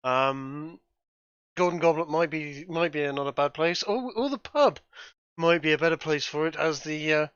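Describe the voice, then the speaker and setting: A man with a bright, forceful voice rambles through his turn in a tabletop game, restarting often. His pitch sits a bit high. The mic sounds dull and lo-fi, with a dry room. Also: normal speed, smooth, no echo. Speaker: player. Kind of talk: tabletop play, in and out of character.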